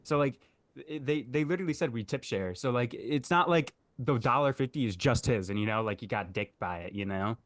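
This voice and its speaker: A man's voice: medium pitch, fairly quick, no room sound. A young man in his twenties co-hosting a podcast, telling a story in a laid-back, slangy, profane way while hungover. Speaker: podcast co-host. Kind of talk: casual chat.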